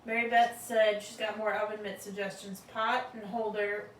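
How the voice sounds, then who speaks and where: Flat-voiced woman reading comments, roomy. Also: medium pitch, normal speed, a little hiss or hum. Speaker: helper reading viewer comments. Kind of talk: casual chat. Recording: roomy kitchen sound from a distance.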